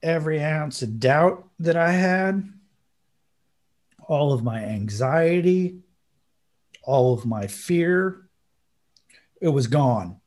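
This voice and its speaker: A man's voice: a little high, animated, slow, long pauses, a little mellow. Earnest man telling a story. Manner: emotional, earnest, slangy ("bro", "dude"). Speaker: podcast host. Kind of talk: casual storytelling.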